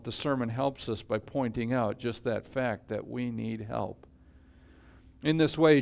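A male pastor preaching a sermon in a measured way, letting his voice fall quiet at the ends of phrases. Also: mid-range voice, gravelly.

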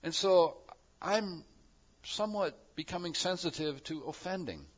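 A man preaching a sermon as pastor, moving between quiet reflective passages and loud, emphatic declarations. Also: high-pitched, a little slow, highs cut off.

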